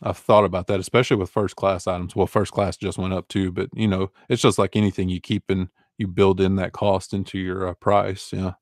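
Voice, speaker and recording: A man's voice: deep voice, little pitch movement, fairly quick, few pauses, dry recording, studio quality. A man in his forties, an online reseller, chatting casually and rambling through viewer questions with easygoing fillers and chuckles. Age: 40s. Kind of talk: casual live Q&A chat.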